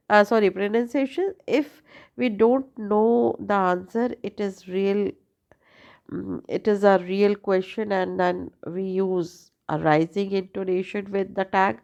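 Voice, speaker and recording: A woman teaching an English grammar lesson, speaking deliberately and often checking in with the listener. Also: medium pitch, creaky, darkish tone.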